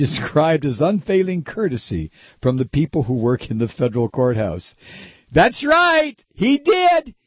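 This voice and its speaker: A man's voice: medium pitch, breathy edge, dry recording. Sarcastic, ranting male talk host. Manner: sarcastic, scornful, mocking. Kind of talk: political commentary rant. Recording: dull lo-fi dry recording.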